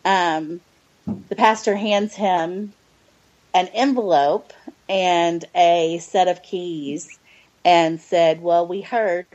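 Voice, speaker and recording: A middle-aged woman guest on a podcast, an adoptive mother, speaks extremely slowly with long pauses, her fairly low, darkish voice holding a fairly even intonation. Close to tears, she gives an earnest, hesitant faith testimony packed with fillers, in dull lo-fi audio.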